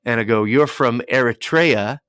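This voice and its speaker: A man, a radio DJ, chatting as a podcast guest and telling lively stories with acted-out dialogue. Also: medium pitch, moderate pace, clear, resonant tone, no echo, studio quality. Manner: animated storyteller acting out dialogue. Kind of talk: casual podcast interview.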